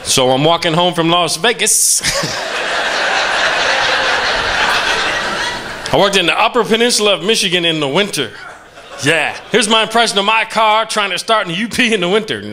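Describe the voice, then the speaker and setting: A man's voice: sits high, a little slow, pauses often. A man from Virginia, doing a stand-up comedy set on a theater stage, chatting with and teasing the audience. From West Virginia. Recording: noisy live theater recording.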